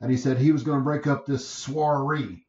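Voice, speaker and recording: A man chatting casually as a podcast co-host, easygoing, pausing with fillers as he recalls things. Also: medium pitch, steady tone, darkish tone, lo-fi sound. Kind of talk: casual chat.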